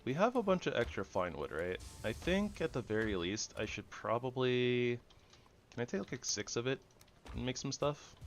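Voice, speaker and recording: A man giving goofy, rambling commentary over his own gameplay, jumping between loud excitement and soft mumbling. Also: mid-range voice, normal speed, soft background music. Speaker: gaming channel host.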